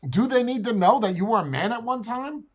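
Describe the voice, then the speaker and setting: A man's voice: extremely high pitch, expressive, brisk. A man co-hosting a casual talk show, blunt in his opinions, who repeats words and stammers as he tells a long story.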